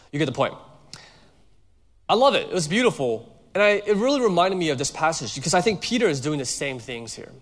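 A man preaching a sermon with a slightly raised pitch and a relaxed, conversational delivery that leans on everyday stories. His voice rings with a long reverb, as if from a church hall. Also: moderate pace. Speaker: pastor.

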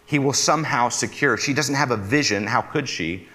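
A man's voice: medium pitch, moderate pace, pushed and bright. A man preaching a conversational sermon. He asks his listeners questions and counts himself among them as a fellow "fixer.".

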